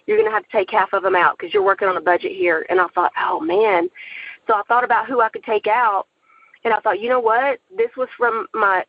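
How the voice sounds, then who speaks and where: A woman's voice: on the high side, no echo, narrow, tinny audio. A woman director telling her personal faith testimony in an earnest storytelling way, acting out the quoted dialogue. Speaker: film director and writer.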